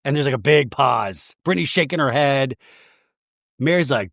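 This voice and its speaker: A man's voice: mid-range voice, animated, normal speed, a bit bright, no room sound, studio quality. A man hosting a comedic reality-TV recap podcast, retelling scenes in a casual, gossipy way. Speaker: podcast host.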